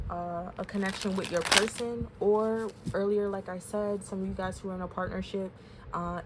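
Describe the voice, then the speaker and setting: A woman's voice: medium pitch, background noise. A woman giving a casual tarot reading, talking openly and emotionally to her viewers with many fillers. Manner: candid, emotional, chatty with fillers. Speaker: tarot reader.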